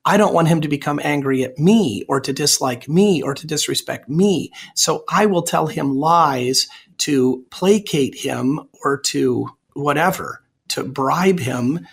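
A man's voice: on the high side, unhurried, gravelly, husky. A man, a Lutheran pastor, answering radio interview questions in an earnest, plain-spoken way and explaining with examples.

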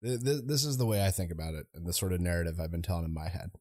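A man's voice: low voice, very fast, heavy background noise. A man in his thirties co-hosting a casual podcast, telling stories animatedly and acting out voices. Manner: animated storyteller, acts out voices in anecdotes. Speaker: podcast co-host.

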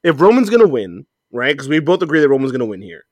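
A man co-hosting a casual wrestling chat, animated and laughing often, breaking into mock voices. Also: medium pitch, fast, no echo. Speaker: podcast co-host.

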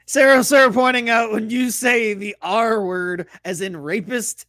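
A man co-hosting a casual sports podcast, animated and quick to laugh, often stammering. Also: high-pitched, no room sound, clean studio sound. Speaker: podcast co-host.

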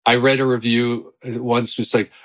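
A middle-aged actor, a man, chatting as a podcast guest, telling rambling, animated anecdotes full of quoted voices. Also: medium pitch, measured pace. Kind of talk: casual anecdotal chat.

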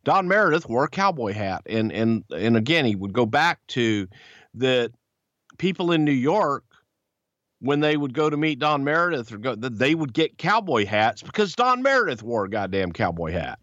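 A man with a Southern American accent telling a wrestling-business story, animated and swearing freely. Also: moderate pace, no echo. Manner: animated, swears freely, acts out voices in a high pitch. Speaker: podcast guest. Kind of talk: casual storytelling. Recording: dull, lo-fi sound.

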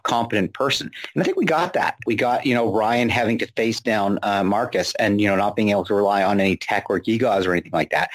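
A man co-hosting a podcast, reasoning through his points in a measured, thoughtful way. He often restarts his sentences and leans on "you know" as he goes. His voice sits on the low side. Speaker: podcast co-host, called Professor. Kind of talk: casual chat.

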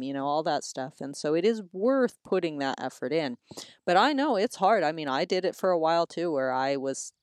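Low-voiced mom telling parenting stories. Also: female voice, moderate pace, no echo, clean studio sound. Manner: animated storyteller, acts out kids' voices. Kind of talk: casual chat.

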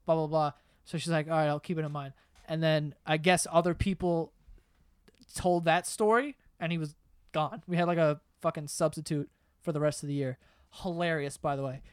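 Lively young man telling stories. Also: a little high, clean tone, no echo. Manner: animated, laughing, swearing, acts out quotes loudly. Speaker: podcast host. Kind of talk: casual storytelling among friends.

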